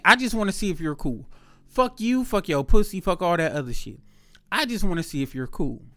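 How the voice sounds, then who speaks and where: A young man, telling a story in a casual rant, animated and profane, acting out both sides. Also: high voice, clean tone, no echo, studio quality.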